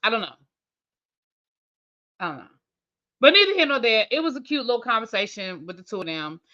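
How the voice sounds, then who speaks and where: A woman hosts a TV review channel, recapping an episode in loose, chatty talk. She thinks aloud and speaks straight to her viewers, in a bright, forward voice. The sound is dull and lo-fi. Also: a little high, very animated, a little fast. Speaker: TV review host. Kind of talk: casual recap chat.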